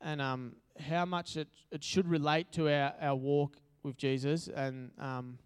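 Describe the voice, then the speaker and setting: A man's voice: on the high side, steady tone, measured pace, smooth. An Australian man giving a casual, chatty sermon at church, joking and using lots of fillers. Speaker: preacher. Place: church hall.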